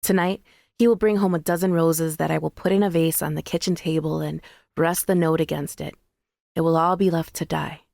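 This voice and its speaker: A woman narrating a first-person audiobook in a measured, intimate way, recorded in a dry studio booth. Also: on the low side, creaky, dark tone, no echo.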